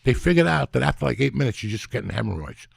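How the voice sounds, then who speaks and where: This podcast host is a man in his 60s with a deep, gravelly, husky low voice, alternating between teasing his co-host and spinning long, rambling, foul-mouthed stories. He talks quickly and expressively. The recording is dry and close, with no room sound.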